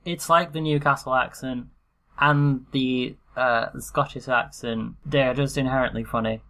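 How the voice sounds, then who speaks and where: A woman's voice: rumbling low, steady tone, normal speed, a bit bright. A woman co-hosting a casual podcast, giving blunt opinions, giggling often and swearing offhandedly. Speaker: podcast co-host.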